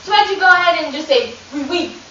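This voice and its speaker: Bright high-voiced woman teacher, echoey distant recording. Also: lively intonation, rapid-fire. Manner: upbeat, encouraging, addresses children. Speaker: drama workshop teacher. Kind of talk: leading a classroom workshop. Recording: echoey, distant, dull lo-fi with hiss.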